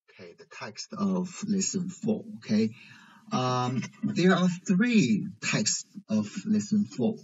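A man teaching a language lesson in English, pausing often with fillers. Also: fairly low pitch, breathy edge. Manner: hesitant, many pauses and fillers. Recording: dull lo-fi recording.

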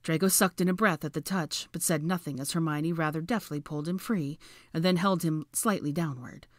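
A woman reading fan fiction aloud as audiobook narration. Her voice sits low and she reads in a measured, even way. The recording is dry and close. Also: dry recording.

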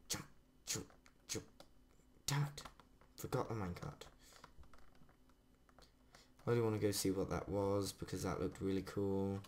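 A man chatting casually through a let's play, self-mocking and swearing when things go wrong, his voice a little rough today. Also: low voice, fairly even intonation, normal speed, pauses often, darkish tone, a little hiss or hum. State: rough-sounding voice. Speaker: gamer doing a let's play. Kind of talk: casual game commentary. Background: faint background music.

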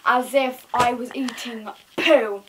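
A woman's voice: a little high, steady tone, slow pace, fairly bright tone. A young girl with a giggly, silly manner, playing pretend host in a home video. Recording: noisy home camera recording.

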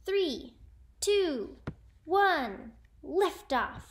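An eccentric, cheerful teacher leading her class, theatrical and encouraging in a storybook voice. Her tone sits a touch high. A woman reads her aloud. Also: expressive, a little slow, slight background noise. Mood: excited.

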